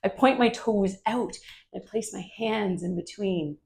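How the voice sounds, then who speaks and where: Gentle woman telling a kids yoga story. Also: medium pitch, measured pace, creaky. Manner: gentle, asks the children questions.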